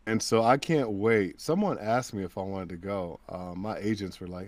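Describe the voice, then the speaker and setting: A voice actor appears as a guest in a casual interview, chatting and telling stories as an animated storyteller who acts out the voices of people he quotes. His voice is on the low side, at normal speed with hardly any pauses, and there is no echo.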